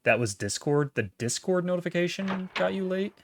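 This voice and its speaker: A man's voice: sits high, moderate pace, no echo, clean studio sound. A man in his thirties chatting casually and jokily with his chat while livestreaming a game. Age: 30s. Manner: animated, jokey, talks to chat while playing. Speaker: streamer.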